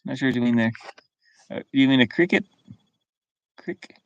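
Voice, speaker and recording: A man's voice: mid-range voice, moderate pace, no echo, highs cut off. Easygoing American man, faint Southern drawl. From US South (Kentucky and Virginia). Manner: easygoing, chuckles often, thinks aloud. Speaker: live-stream host. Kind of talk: casual live-stream chat, reading viewer comments. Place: inside his van.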